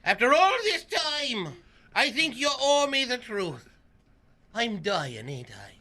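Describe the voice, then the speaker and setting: A man's voice: very high voice, very animated, slow pace, pushed and bright, full character voice. A man playing a groaning dying old Irishman. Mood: melodramatic. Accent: put-on Irish. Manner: theatrical groaning, breaks into laughter. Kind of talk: comedy radio skit. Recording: noisy old radio broadcast recording.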